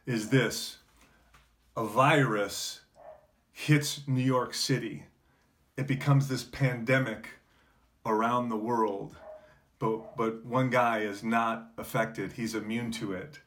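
A man preaching a sermon as pastor, earnest, with frequent fillers and restarts, building to emphatic peaks before dropping to a quiet close. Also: mid-range voice, steady tone, slow pace, pauses often.

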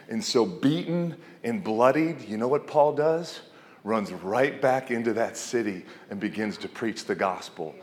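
Male pastor, conversational sermon, questions to the congregation, long hall reverb. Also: mid-range voice. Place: church hall.

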